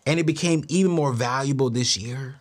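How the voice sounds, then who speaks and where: A man hosting a talk show, telling stories casually and acting out the dialogue, with exclamations that leap up in disbelief and a preachy turn toward faith. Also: fairly quick. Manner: animated, acts out dialogue, jumps to high incredulous exclamations. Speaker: show host. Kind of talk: casual storytelling to the camera.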